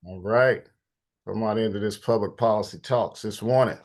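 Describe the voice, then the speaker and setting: A man hosts a policy talk in a relaxed, conversational way. His voice is a bit stuffy and congested, and he greets attendees by name as they come in. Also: fairly low pitch, normal speed. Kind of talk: casual online meeting hosting.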